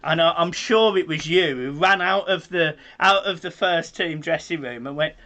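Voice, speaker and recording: A young man hosts a fan interview with an eager, friendly manner, laughing along with his guest. His voice is bright and a little sharp, sitting fairly high for a man. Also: moderate pace. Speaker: host.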